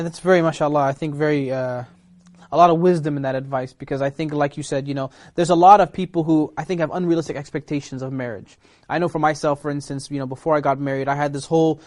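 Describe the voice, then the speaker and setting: A man hosts a casual interview at a rapid clip, his voice sitting a bit high. He is upbeat and chatty, laughing easily as he sets up questions for his guest. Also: a little mellow. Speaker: show host.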